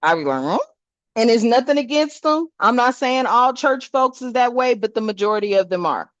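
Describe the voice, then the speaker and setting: A woman's voice: a little high, expressive, normal speed, no echo, lo-fi sound. An older woman, host of a spiritual vlog, talking casually in a blunt, salty way, preaching and swearing and calling her viewers "family.".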